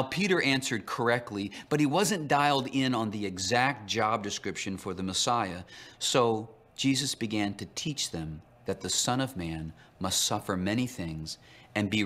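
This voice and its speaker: A man narrating a Bible lesson, telling the story and voicing quoted lines with lively shifts. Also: on the low side. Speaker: teacher.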